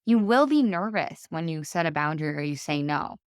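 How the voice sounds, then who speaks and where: Chatty low-voiced woman podcaster. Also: fairly quick, clean tone, no room sound, studio quality. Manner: chatty, animated, acts out quoted dialogue. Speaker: podcast host and life coach. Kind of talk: solo podcast talk.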